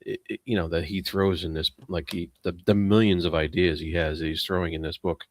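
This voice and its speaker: Deep-voiced man rambling through fillers. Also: fairly even intonation, fairly quick, no room sound, clean studio sound. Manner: rambling, hesitant, many fillers, laughs at himself. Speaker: book club member. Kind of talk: casual book discussion.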